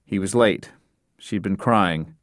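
This low-voiced man reads an audiobook script with steady, measured storytelling. The sound is clean studio audio without any room sound.

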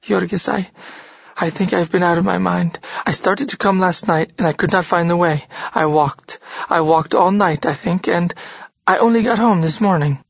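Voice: mid-range voice, normal speed, vocal fry, no echo, muffled recording. A reader voicing a frightened, frail young wife in an audiobook, breathless and faltering. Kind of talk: audiobook character reading.

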